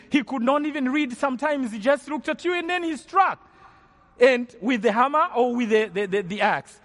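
High-voiced man preaching in a reverberant hall. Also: fairly bright tone. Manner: earnest, repeats and restarts phrases. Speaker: preacher giving testimony. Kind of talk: storytelling sermon testimony.

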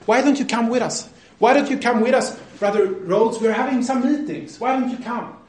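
A man's voice: high-pitched, animated, normal speed, pitched above the performer's own voice. A man preacher voicing an eager, persistent male friend who keeps inviting someone to church meetings, with a coaxing, upbeat manner. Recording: roomy echo.

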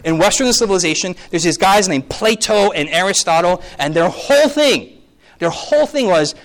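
Animated pastor in his thirties. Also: high-pitched, normal speed. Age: 30s. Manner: animated, acts out quoted voices, asks the audience questions. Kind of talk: sermon lecture with slides.

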